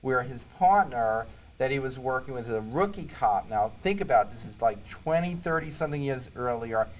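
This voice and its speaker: A man's voice: medium pitch, lively intonation, normal speed, a little hiss or hum, rough recording. A man with a New York accent, a psychologist and police officer, earnestly telling stories in an interview and repeating key points for emphasis. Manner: earnest storytelling, emphatic repetitions. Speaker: psychologist and police sergeant guest. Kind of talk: interview conversation.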